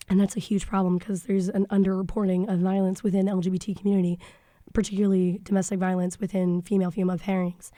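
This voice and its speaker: A woman's voice: medium pitch, mellow, no room sound, clean studio sound. A young woman, talking frankly and a bit snarkily on a podcast, thinking aloud with fillers. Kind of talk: casual podcast discussion. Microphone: studio microphone.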